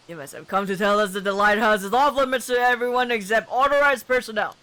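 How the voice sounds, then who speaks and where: A woman's voice: a little high, a bit bright, close to an everyday voice. A young woman reading a theatrical, pompous middle-aged man who fancies himself a detective, with a grandiose put-on British lilt. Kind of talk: reading game dialogue aloud.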